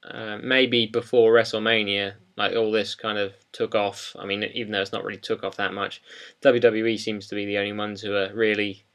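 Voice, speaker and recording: A young man chats casually on a podcast. His voice sits fairly low. He rambles and hesitates, filling his sentences with ums. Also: flat delivery, moderate pace, hardly any pauses, fairly bright tone. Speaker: podcast co-host. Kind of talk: casual chat.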